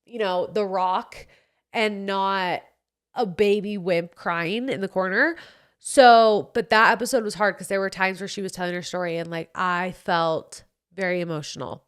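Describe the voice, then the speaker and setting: A woman's voice: fairly low pitch, smooth. A young woman hosting her own podcast, chatting casually and effusively through a recap of the year, with the odd swear word. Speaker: podcast host.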